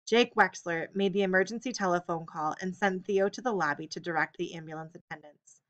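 A woman reading an audiobook, telling the story in a steady, expressive way. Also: lowish voice, a little fast, highs cut off. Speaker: audiobook reader. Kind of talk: audiobook narration.

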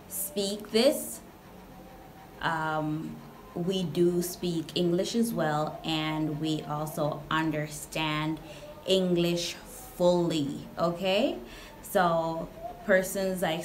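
A woman's voice: fairly low pitch, fairly bright tone, slight background noise. A young Jamaican woman with a Jamaican accent, chatting casually to a phone camera in a vlog, laughing and playfully emphatic. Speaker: vlogger. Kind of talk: casual talking-head vlog.

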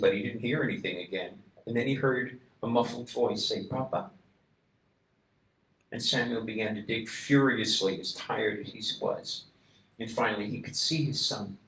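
A man, a rabbi, telling a story in a sermon, acting out the voices of its people and building to loud, emphatic calls. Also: on the low side. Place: synagogue. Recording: echoey room, voice a bit distant from mic.

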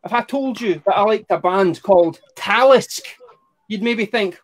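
A young Scottish man performing a stand-up set, wry and profane, with a deadpan storytelling delivery. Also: high voice, a little slow, slight background noise. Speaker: stand-up comedian.

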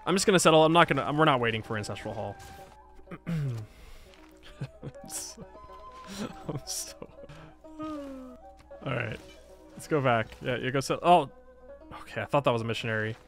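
A man's voice: medium pitch, a bit bright. A man playing a strategy game and thinking aloud in casual commentary, often sighing and laughing at himself. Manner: thinks aloud, frustrated and self-mocking, frequent sighs and laughs. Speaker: gaming YouTuber. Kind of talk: casual Let's Play commentary.

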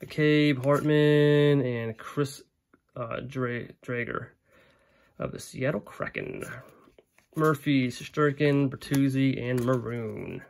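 Stuffy-voiced man, slow and gravelly. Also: mid-range voice. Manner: relaxed, unhurried, clears throat often. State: congested, stuffy from illness. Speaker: card-collecting channel host. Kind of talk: casual box-opening commentary.

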